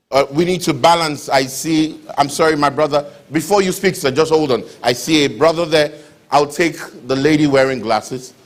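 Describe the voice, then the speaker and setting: Courteous man hosting an event. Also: a little high. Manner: courteous, formal phrasing. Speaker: master of ceremonies. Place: lecture hall.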